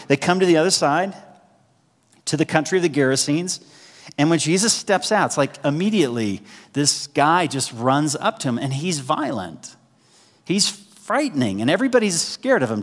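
A man preaching a sermon in a conversational way, often checking in with the congregation with quick asides. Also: fairly high pitch. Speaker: pastor. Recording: long hall reverb.

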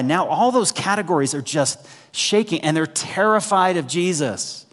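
A man's voice: on the high side, expressive, normal speed, fairly bright tone. Man preaching in a reverberant hall. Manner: conversational preaching with frequent "right?" asides to the congregation. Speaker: pastor. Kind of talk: sermon.

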